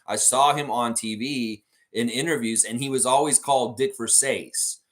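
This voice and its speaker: A man's voice: mid-range voice, steady tone, normal speed, a bit bright. A middle-aged American man hosting a casual trivia livestream, reading chat comments aloud and laughing often. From United States.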